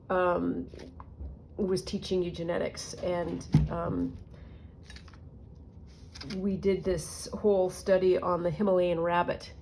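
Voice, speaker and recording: A woman's voice: fairly low pitch, little pitch movement, takes it slowly, vocal fry, long pauses, darkish tone, a little hiss or hum. A middle-aged woman telling rambling stories and muttering to herself as she works on a junk journal in a casual crafting vlog. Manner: rambling storyteller, muttering to herself while working.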